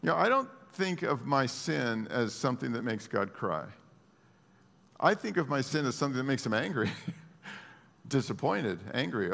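A man preaching a sermon as a pastor, earnest and emotional, moving between hushed and raised speech. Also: mid-range voice, very animated, moderate pace, creaky, big-room sound.

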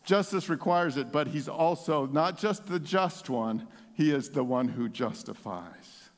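A man preaching an Easter sermon in a church, swinging between hushed, intimate passages and loud exclamations. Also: on the high side, lively intonation, a little slow. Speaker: pastor. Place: church sanctuary with congregation. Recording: long reverb of a large hall.

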